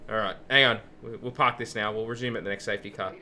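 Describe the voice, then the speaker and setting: A man's voice: on the low side, steady tone, quick pace, bright, forceful tone. A man streaming a sim race, chatting casually with friends and laughing often. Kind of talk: casual chat while racing.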